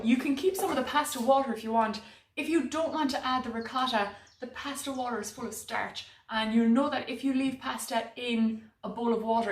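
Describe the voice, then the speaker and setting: A woman presenting a live cook-along demonstration in her home kitchen, chatty and self-mocking, picked up by a camera mic some distance away. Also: a little high. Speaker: cooking demo presenter. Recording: echoey kitchen, mic far off.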